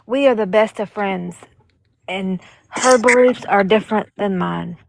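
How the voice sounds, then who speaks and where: A woman's voice: mid-range voice, a little slow, gravelly, background noise. A woman co-hosting a casual live commentary stream, chatty and plainspoken. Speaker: co-host.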